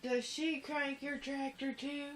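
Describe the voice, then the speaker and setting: Brief: high, slow-talking young woman, tired and rambling, giggly outbursts, phone-recorded at home, faint background hiss. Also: little pitch movement. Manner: drowsy, rambling, bursts into giddy laughing fits. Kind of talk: casual home video chat.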